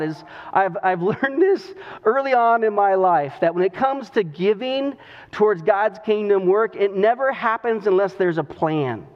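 Earnest male pastor in a reverberant hall. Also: high voice. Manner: earnest storytelling with drawn-out emphasis. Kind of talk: sermon. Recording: dull recording with long hall reverb.

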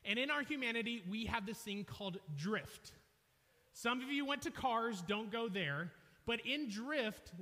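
A young man preaching a sermon, telling a funny story loudly, with an animated, self-mocking manner. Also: extremely high pitch. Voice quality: loud, energetic. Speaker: pastor. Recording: reverberant hall.

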